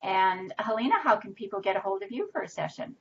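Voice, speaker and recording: A woman's voice: medium pitch, expressive, fast talker, dull audio, slight background noise. A woman co-hosting a live web show in casual chat, rambling with many "you know"s and "right"s. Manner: rambling, filler-heavy, says "you know" and "right" often.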